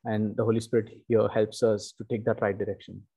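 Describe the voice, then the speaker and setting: Male preacher, husky warm tone, deliberate emphatic sermon delivery. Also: fairly low pitch, flat delivery. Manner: slow, emphatic teaching with repeated "okay" and "you know".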